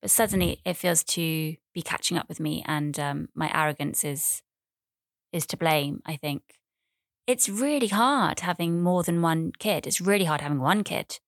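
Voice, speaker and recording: In this clean, dry studio recording, a thirtysomething woman delivers a casual podcast monologue on her own. She speaks low-pitched at a moderate pace, chatting and rambling, poking fun at herself and circling back to the same phrases.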